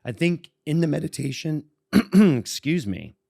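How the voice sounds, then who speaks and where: His voice is on the high side, very animated and a little slow, creaky and dark-toned, captured in studio quality with no room sound. He is a Boston podcast co-host in his forties, chuckling often while rambling through a long personal story.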